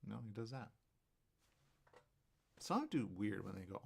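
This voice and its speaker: On a live talk show, a male host with a lowish, gravelly voice rambles through a monologue at a normal speed, leaving long pauses. He animatedly plays both parties in made-up conversations and tacks "right?" onto many of his points. A faint hiss or hum sits under the recording.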